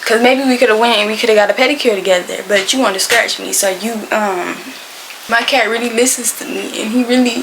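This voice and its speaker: A young woman telling a storytime to camera, animated, emphatic and slangy. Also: on the high side, fast talker, vocal fry, noisy background. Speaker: storytime vlogger.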